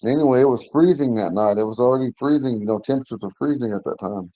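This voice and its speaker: A man in his forties, slightly hoarse, telling a long personal story in a casual, rambling way, often restarting and clearing his throat. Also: mid-range voice, fast talker, dark tone, no room sound, low-quality recording. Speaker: language class member telling a story.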